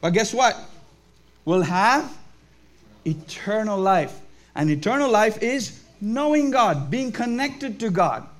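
A man's voice: high voice, sing-song, slow pace. A man leading a family church service, preaching to children and adults in an upbeat way and asking them questions.

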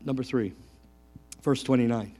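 Speaking at a normal pace in a mid-range voice, a middle-aged man preaches an energetic sermon. He jokes around and tosses questions out to the people in the pews.

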